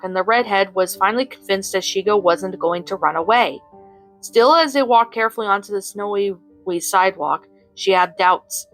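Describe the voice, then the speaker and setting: A woman narrating a fan fiction story in an even, unhurried way, with small slips now and then. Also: mid-range voice, low-quality recording.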